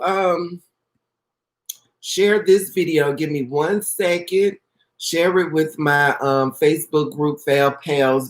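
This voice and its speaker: A woman hosting a casual live video, warmly greeting viewers by name and praying aloud for them. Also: low-pitched, roomy sound, low-quality recording. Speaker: orchid pot seller hosting a live video. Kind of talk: casual live-stream chat.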